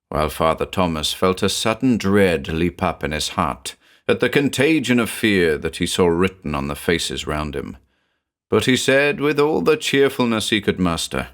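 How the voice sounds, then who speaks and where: A male narrator reads a classic horror tale in a low voice with a lively, shifting lilt. His delivery is measured and dramatic, built for suspense.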